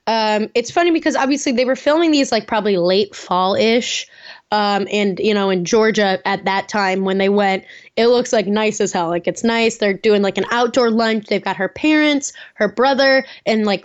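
A woman's voice: medium pitch, normal speed. Chatty woman podcast co-host, lo-fi. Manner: chatty, many "like" and "you know" fillers. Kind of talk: casual chat.

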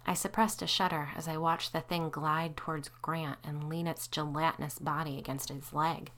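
A woman narrating a spooky story in an even, suspenseful way. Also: deep voice, moderate pace.

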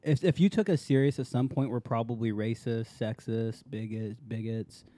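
Mellow-voiced joking podcast host man. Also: mid-range voice, steady tone, moderate pace. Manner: loose, joking, laughs often. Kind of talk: casual podcast chat.

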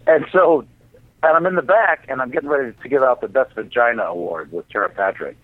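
A man's voice: mid-range voice, fairly quick, no room sound. A man, the guest, telling a casual, profane story with lots of restarts. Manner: animated, profane, many restarts. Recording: tinny phone-like, dry sound.

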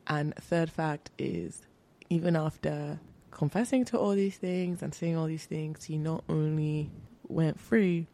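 A woman's voice: deep voice, measured pace, hardly any pauses, dark tone. A young woman co-hosting a podcast, setting up a true-or-false quiz in a playful, chatty way. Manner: playful quiz-giving storyteller. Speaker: podcast co-host. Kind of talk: casual chat.

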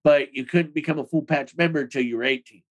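A former extremist appears as a guest on a podcast interview, telling stories from his past in a casual, rambling manner. His somewhat high voice comes through a low-quality recording, and his rapid, loose speech is full of "like" and swearing.

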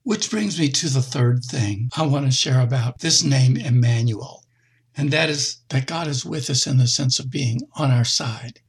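A middle-aged man preaching a conversational sermon, with expressive jumps in pitch. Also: moderate pace, breathy edge.

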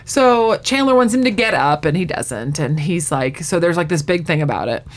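A woman's voice: deep voice, moderate pace. A woman in casual chat, eagerly retelling a sitcom episode and acting out the characters' lines as she goes. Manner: animated storyteller who acts out the quotes.

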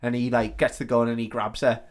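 Flat-voiced sweary man retelling a film. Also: medium pitch, fairly quick. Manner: sweary, rambling retelling with quoted dialogue. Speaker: podcast co-host. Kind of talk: casual film recap chat.

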